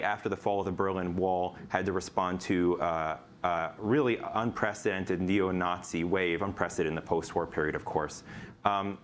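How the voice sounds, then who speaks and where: A man, a guest author and lecturer, answering interview questions in a measured, academic way with frequent fillers. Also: low-pitched, slight background noise.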